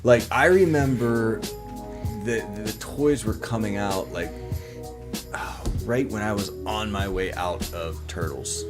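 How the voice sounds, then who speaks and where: A man's voice: on the low side, slow, over music. A man co-hosting a podcast, joking and reminiscing in casual chat. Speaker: podcast co-host.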